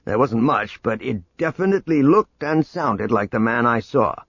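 A man's voice: mid-range voice, expressive, normal speed, a bit bright, husky, no room sound, muffled recording. A man voicing a confident male adventurer who speaks positively and earnestly.

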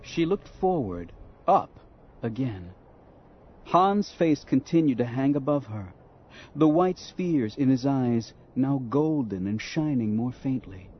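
A man's voice: medium pitch, takes it slowly. A man narrating an audiobook dramatically, voicing characters along the way. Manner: expressive, acts out voices. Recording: dull lo-fi audio with faint music.

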